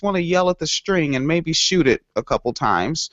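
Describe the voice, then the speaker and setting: A man's voice: on the high side, expressive, moderate pace, few pauses, fairly bright tone, dry recording. A man co-hosting a podcast, chatting sarcastically with a lot of swearing and loose rambling. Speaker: podcast co-host. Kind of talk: casual chat. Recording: dull lo-fi sound.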